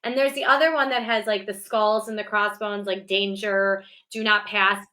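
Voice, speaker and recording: Bright, mid-pitched woman guest; earnest and thoughtful, restarts sentences. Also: little pitch movement, normal speed. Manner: reflective, self-correcting, earnest. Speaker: guest, business owner and coach. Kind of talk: casual livestream chat.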